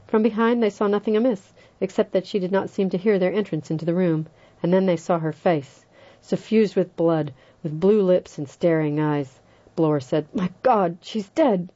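A woman narrating an audiobook in a steady, even way. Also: fairly low pitch, normal speed, dull audio. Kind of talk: audiobook reading.

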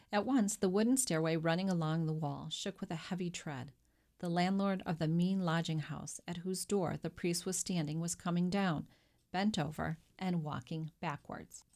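Narrating a classic novel for an audiobook, a woman with a low-leaning voice delivers the story with measured expressiveness.

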